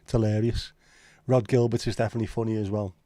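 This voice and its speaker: A man's voice: lowish voice, level tone, fast talker, mellow, no echo. A man with a Liverpool accent hosting a casual livestream chat, rambling and opinionated with frequent swearing. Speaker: livestream host.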